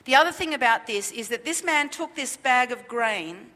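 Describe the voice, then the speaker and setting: A woman preacher delivers a sermon in a clear, bright voice that sits a little high. She drives her points home by repeating them and asking the congregation questions. Her voice trails off into the long reverb of a church hall. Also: lively intonation, moderate pace. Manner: emphatic and repetitive, with rhetorical questions. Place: church service.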